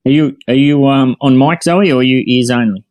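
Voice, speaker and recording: A man's voice: mid-range voice, fairly quick, a little mellow, no room sound. Laid-back Australian man hosting a chat. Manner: laid-back, chatty, says mate. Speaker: host. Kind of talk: casual online voice-chat show.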